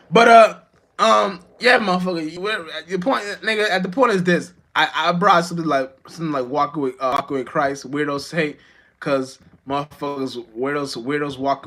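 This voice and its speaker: A musician rambles to his live-stream viewers in a restless, profane monologue. He restarts his sentences often, and his voice sits on the higher side for a man. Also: a bit bright.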